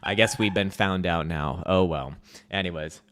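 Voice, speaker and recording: A man's voice: deep voice, normal speed, fairly bright tone. A man hosting a casual livestream market update at home, reading chat with profane jokes and frequent laughs. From United States. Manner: profane, joking, laughs often. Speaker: host.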